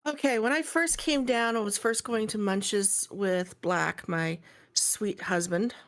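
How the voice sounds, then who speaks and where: A woman's voice: medium pitch, slow pace. A woman from Canada with a neutral West Coast Canadian accent, telling stories in casual podcast chat as co-host. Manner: storytelling, acts out quoted dialogue.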